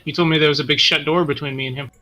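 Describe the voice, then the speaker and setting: A man's voice: a little high, steady tone, rapid-fire, pushed and bright. A man playing in a tabletop game, thinking aloud hesitantly with lots of fillers. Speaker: player. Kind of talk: casual tabletop game chat.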